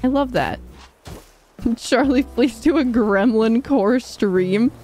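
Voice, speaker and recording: Faint music plays behind a woman with a fairly high, slightly mellow voice who talks slowly. She's livestreaming a game, chatting in a bubbly, rambling way and reading viewer comments aloud.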